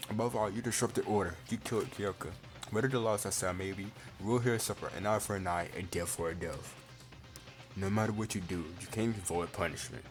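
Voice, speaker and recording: A man's voice: low-pitched, a little fast, music in the background, close to an everyday voice. A man reading a cruel, gleeful bear mascot from a fan game aloud in a taunting, sing-song voice. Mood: gloating.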